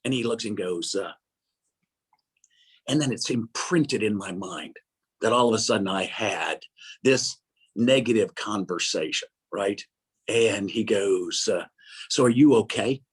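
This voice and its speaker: An older man, a guest on an interview show, telling a personal story in a rambling, halting way with frequent laughs. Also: on the low side, breathy edge.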